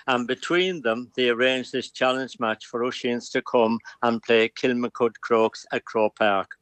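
Older man, Galway accent, phone-in guest, rambling storyteller, medium pitch, dry sound. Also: fairly even intonation, a little slow, clean tone, no room sound. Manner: warm storyteller, rambling with fillers. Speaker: phone-in guest, club president. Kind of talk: telephone interview. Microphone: phone line.

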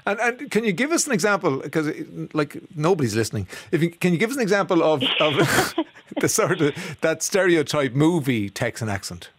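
Male radio host, high-ish, dry studio mic, playful and quick to laugh. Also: big pitch swings, no echo. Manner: chatty, teasing, laughs often. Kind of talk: radio phone-in chat. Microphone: studio microphone.

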